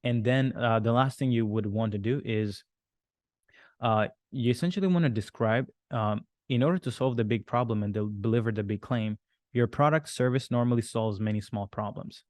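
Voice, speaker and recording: A man's voice: mid-range voice, moderate pace, a little mellow, no room sound, studio quality. A man teaching a business course on a group call, rambling and swearing, acting out his clients' inner worries. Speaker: business coach.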